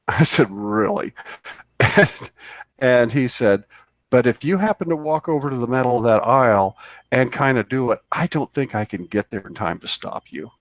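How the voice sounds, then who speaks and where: A man co-hosting a radio talk show, spinning a long anecdote in a loose, rambling way with plenty of fillers and false starts. His voice sits at an ordinary pitch and is recorded dry and close in the studio. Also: lively intonation, moderate pace, no echo. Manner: rambling with many fillers and restarts. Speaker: co-host. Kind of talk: casual storytelling on a radio show.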